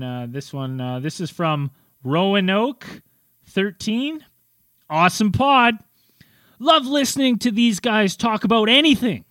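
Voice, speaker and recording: A man's voice: high voice, fairly bright tone, dry recording, clean studio sound. A man co-hosting a casual podcast, reading listener reviews aloud in a laid-back, amused way. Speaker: podcast co-host.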